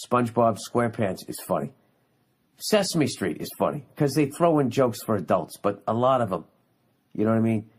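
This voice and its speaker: A man hosting a podcast alone, ranting sarcastically and profanely, with occasional mocking impressions. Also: lowish voice. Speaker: podcast host. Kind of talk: solo ranting monologue. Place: on vacation away from home.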